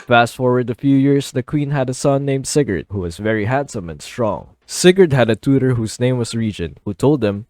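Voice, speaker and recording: Male comic narrator, crude and deadpan, dry close sound, mid pitch. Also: a little fast, few pauses, no room sound. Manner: profane, deadpan asides, silly put-on voices. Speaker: comedic storyteller. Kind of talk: irreverent comedic retelling.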